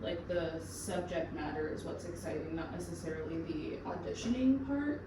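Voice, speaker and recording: A woman actor chatting casually while baking in her home kitchen, sassy and full of "like" fillers, in a tired, lower sleepy voice. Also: moderate pace, background noise.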